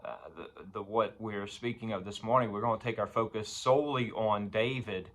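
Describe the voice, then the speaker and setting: A man preaching a morning sermon, halting with many fillers and growing louder as he reads scripture. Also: fairly low pitch, steady tone.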